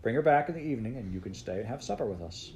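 A man voicing a stern, teasing old mountain grandfather who talks in gruff, mock-military tones. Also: mid-range voice, expressive, racing, a little mellow, slight background noise, natural voice. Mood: friendly.

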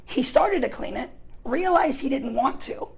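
Man, pastor, high voice, casual storytelling sermon, loud bursts. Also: expressive, a little slow, gravelly, poor audio. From United States. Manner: casual and chatty, many fillers, bursts of loud emphasis.

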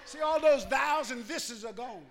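A man preaching a sermon, swinging between hollering and hushed pleading and calling on the congregation to answer back. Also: very high-pitched, measured pace. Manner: call-and-response with the congregation.

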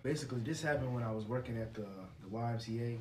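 A young man in casual chat, telling a work story in a relaxed way with frequent "you know"s. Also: medium pitch, very fast, distant mic. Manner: relaxed, easygoing, says "you know" often. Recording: echoey room, voice off-mic, noisy.

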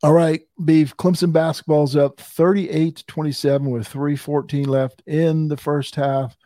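A man hosting a casual sports talk podcast, chatty and quick to laugh. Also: on the high side, little pitch movement, dark tone, no room sound, clean studio sound. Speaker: podcast host.

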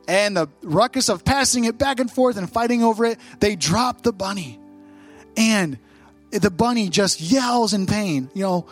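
A man's voice: high voice, animated, moderate pace, soft background music. A man preaching a sermon as pastor, stressing short repeated phrases.

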